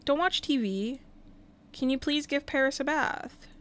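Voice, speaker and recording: In a high-pitched, slightly bright, unhurried voice, a woman offers casual commentary on a life-sim game she's livestreaming. Chatty throughout, she talks to the characters and thanks viewers.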